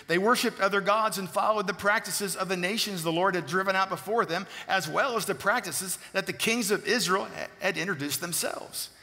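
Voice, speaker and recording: A man preaching a sermon, reading long scripture passages aloud and checking in with quick questions to the congregation. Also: a little high, sharp tone. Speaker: pastor. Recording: long hall reverb.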